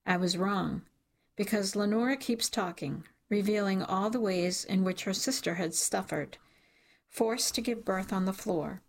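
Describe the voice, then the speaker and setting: A woman reading an audiobook in the first person, measured and emotional in her storytelling. Her voice has a gravelly edge at a middling pitch. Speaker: audiobook narrator.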